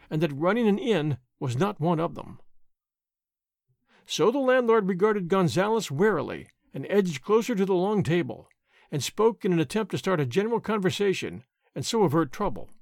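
A man reads a novel aloud as a dramatic storyteller. His voice sits high and moves a lot, and the recording is dry and close, with no room sound. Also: vocal fry, no echo. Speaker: audiobook narrator. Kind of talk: scripted narration.

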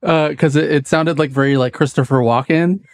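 A man's voice: fairly high pitch, moderate pace, dry recording, studio quality. A young adult man from the US West Coast, a podcast guest talking casually, loose and rambling with frequent laughs. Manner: relaxed, rambling, laughs often. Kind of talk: casual chat.

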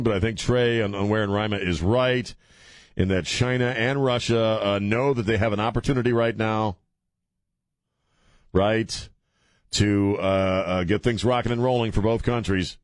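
Sarcastic low-voiced talk radio host. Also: male voice, normal speed, dry recording. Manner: sarcastic, blunt, rambling. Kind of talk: opinionated talk radio chat. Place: radio studio. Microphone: studio microphone.

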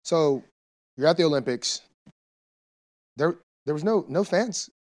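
A man's voice: fairly high pitch, expressive, a little slow, darkish tone. A young man hosting a casual interview, asking short friendly questions. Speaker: podcast host.

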